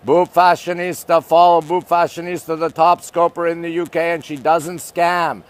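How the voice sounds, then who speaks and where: A man's voice: a little high, flat delivery, normal speed, clear, resonant tone. A man from Canada hosting a casual phone livestream outdoors at night, chatting and greeting viewers by name. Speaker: livestream host. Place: outdoors at night overlooking city skyline.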